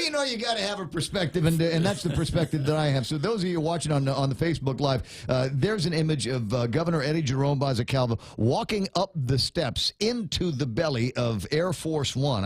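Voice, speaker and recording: A man's voice: a little high, no echo. A middle-aged man from Guam hosting a casual morning radio talk show, rambling with many restarts and playful asides.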